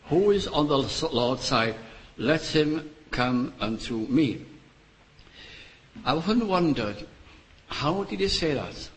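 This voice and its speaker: An older man preaching a sermon, earnest and pleading, with long pauses between his short phrases. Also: mid-range voice, fairly bright tone, poor audio.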